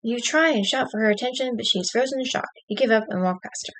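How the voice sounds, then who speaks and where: A woman's voice: fairly high pitch, fast talker. A woman streamer reading an interactive story aloud, dropping wry, dry asides between passages.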